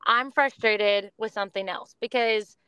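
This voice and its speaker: A woman's voice: mid-range voice, a little slow, sharp tone, smooth, no echo. A woman in her thirties, a podcast guest, talking earnestly and reflectively about faith and parenting in long, flowing runs. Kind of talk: casual faith-based conversation.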